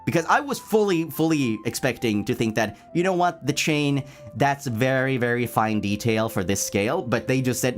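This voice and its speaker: A man chatting casually on a livestream, playful and animated, reading chat aloud and answering it, laughing often and tripping over words when excited. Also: medium pitch, moderate pace, soft background music. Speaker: streamer.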